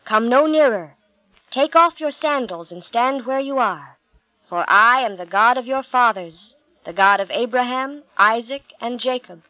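A woman voicing God as a mighty, solemn male figure in a storybook reading, speaking slowly and with command. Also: on the high side, expressive, pushed and bright, no room sound, rough recording.

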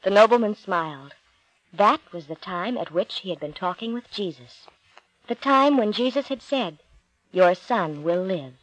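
A woman's voice: medium pitch, dry recording, rough recording. Woman narrating a Bible story. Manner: slow, expressive, deliberate reading.

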